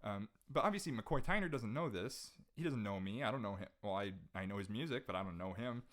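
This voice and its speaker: A young man with a lowish voice tells a deeply felt personal story on a casual podcast. He speaks earnestly and restarts his sentences often as he searches for the right words. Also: expressive, quick pace, a bit bright. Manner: earnest, emotional retelling with frequent restarts. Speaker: podcast guest, jazz saxophonist.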